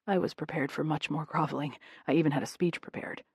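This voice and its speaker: Woman doing a soft-spoken young guy in love, earnest, lowish voice, dry close sound. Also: steady tone, fast, slightly rough, dry recording, heavily acted. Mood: tender. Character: adoring young man, tender and frank.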